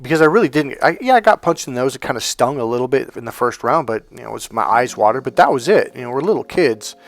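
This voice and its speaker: A man's voice: mid-range voice, fast, creaky. A middle-aged man, an NLP trainer, giving a casual motivational talk and acting out bits of dialogue as he tells stories. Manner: storytelling, acts out dialogue, animated asides.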